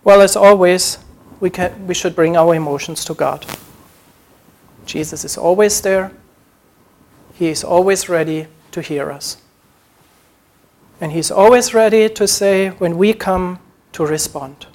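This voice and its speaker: A man's voice: high-pitched, measured pace, long pauses, a little mellow. A man preaching a sermon, earnest, acting out short quoted prayers as he teaches.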